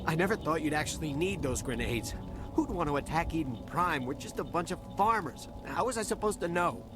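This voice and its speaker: A man's voice: fairly high pitch, animated, fairly quick, lightly acted. Powell, a man playing a stammering, jittery dock worker. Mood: defensive. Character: nervous male dock worker and smuggler, stammering. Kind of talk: video game voice acting. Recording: game audio with music behind.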